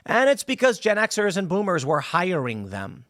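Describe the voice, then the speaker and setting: Animated, sarcastic male political host. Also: high voice, moderate pace, hardly any pauses, no room sound, studio quality. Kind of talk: opinionated political commentary.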